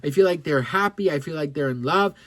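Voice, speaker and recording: A man with a slightly high voice talks a little fast, with no room sound, as he vlogs celebrity gossip. Chatty and campy, he swears a lot, keeps saying "girl," and rambles to camera with restarts and asides.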